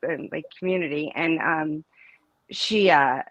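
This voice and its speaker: A middle-aged woman talking casually as an interview guest, her lowish voice rambling and emphatic. She trails off and restarts often. The sound is dry, with no room echo. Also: a little slow, fairly bright tone, muffled recording. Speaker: interview guest, mother of a student. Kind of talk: casual live interview chat.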